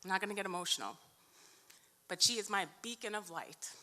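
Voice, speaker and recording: A New York woman, an award honoree and union vice president, delivers an emphatic, heartfelt acceptance speech in a large, echoey event hall. Her medium-pitched voice is fairly quick, pushed and bright, and she stretches out key words.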